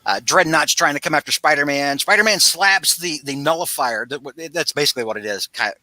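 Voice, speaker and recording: A man hosting a casual podcast, recapping a comic book in a rambling, animated way with frequent restarts. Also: a little high, a little fast, no room sound. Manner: rambling, animated, self-interrupting storyteller. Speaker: podcast host.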